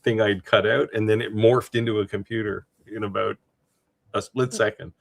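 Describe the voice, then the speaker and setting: A man co-hosting a livestream in casual chat, animated and quick to laugh, explaining things at length. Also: on the low side, vocal fry. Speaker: livestream co-host.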